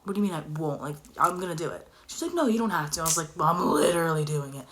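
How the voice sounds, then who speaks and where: A young woman telling a personal story in casual chat, animated and dropping into whispers for emphasis. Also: sits low, very fast, a little hiss or hum.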